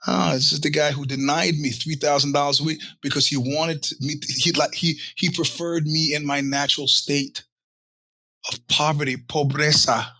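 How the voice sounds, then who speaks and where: Husky, animated male podcast host. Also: fairly high pitch, normal speed. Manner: animated, profane, acts out quoted voices. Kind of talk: casual storytelling monologue.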